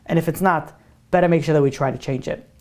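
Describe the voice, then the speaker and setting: A man's voice: a little high, fast, a little mellow. A male rabbi leads a religious class and answers questions from students. He talks casually, easing into a parable before drawing out its lesson. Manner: informal, conversational storyteller.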